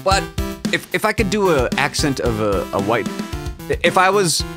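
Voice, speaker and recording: Rambling crude podcast host. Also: male voice, a little high, sing-song, moderate pace, music in the background. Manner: rambling, crude, joking, self-deprecating. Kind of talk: casual solo podcast rambling.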